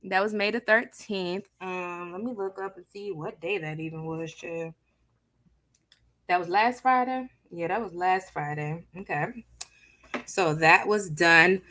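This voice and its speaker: A woman hosting a live stream, chatting with her viewers in a sassy, casual way with a soft, near-whispered delivery on a close mic. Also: on the low side, a little slow. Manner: chatty, sassy, talks to chat as "child" and "honey". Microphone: new close studio mic.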